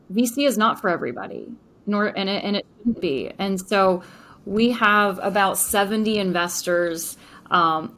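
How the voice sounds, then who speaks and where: A woman entrepreneur appears as a guest on a podcast interview, enthusiastic and chatty with frequent fillers. Her voice is medium in pitch and a bit bright.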